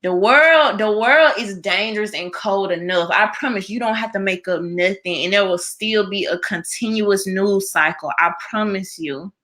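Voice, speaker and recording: A woman's voice: mid-range voice, normal speed, few pauses, fairly bright tone. A young woman hosting a live stream, chatting casually with viewers and reading their comments aloud, full of fillers.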